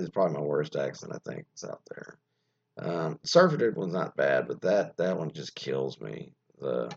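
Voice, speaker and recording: A man's voice: fairly low pitch, gravelly, a little mellow, dull audio. A man hosting a radio show, chatting casually and rambling with lots of fillers and restarts. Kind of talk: casual on-air chat.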